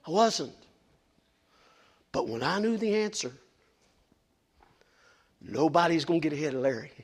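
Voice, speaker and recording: A middle-aged man preaches with fervent emphasis. He sometimes stumbles and restarts. His voice sits high for a man. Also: breathy edge. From West Virginia, USA. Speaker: lay preacher. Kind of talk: sermon.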